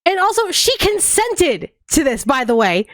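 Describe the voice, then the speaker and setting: Brief: high-voiced woman streamer, animated and profane, dry close mic. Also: measured pace, dry recording. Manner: animated, profane, argues with the characters. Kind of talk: casual gameplay commentary.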